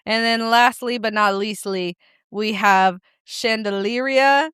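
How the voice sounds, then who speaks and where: A woman's voice: fairly high pitch, slow, a bit bright, clear, resonant tone, no echo, studio quality. A young woman co-hosting a casual podcast, reading out notes with laughs and swearing. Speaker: podcast co-host. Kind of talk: casual chat.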